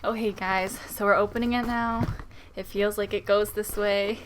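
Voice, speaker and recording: A young woman in a casual unboxing vlog who talks straight to her viewers, giggly and nervous with excitement. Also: mid-range voice, normal speed, noisy background. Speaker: plant vlogger.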